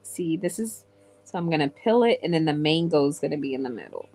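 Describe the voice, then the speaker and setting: A woman's voice: low voice, expressive, a little fast, darkish tone. A woman from England chatting casually with viewers on a livestream and answering their comments. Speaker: live streamer.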